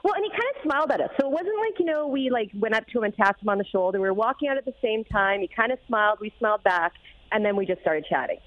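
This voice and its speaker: A woman co-hosting a radio show, telling a story in a bubbly, excited way. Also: medium pitch, fast, no echo, dull audio. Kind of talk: casual radio chat.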